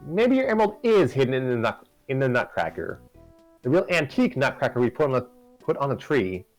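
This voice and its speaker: A man's voice: mid-range voice, big pitch swings, fairly quick, soft background music, poor audio. A man hosting and reading a story aloud live, narrating conversationally with self-corrections. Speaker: story reader and host.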